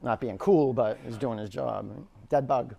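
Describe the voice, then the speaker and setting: A man's voice: medium pitch, a little slow, vocal fry, dark tone, breathy edge. A man teaching a power yoga class in a studio, calling out counts and cues and telling rambling stories between poses.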